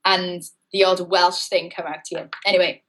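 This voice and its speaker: A woman's voice: on the low side, little pitch movement, normal speed, fairly bright tone, slight background noise, rough recording. A woman with a British accent tinged with Australian, co-hosting a casual podcast in a chatty, self-mocking way. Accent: British with an Australian twang. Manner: chatty, self-mocking, frequent "you know". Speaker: co-host.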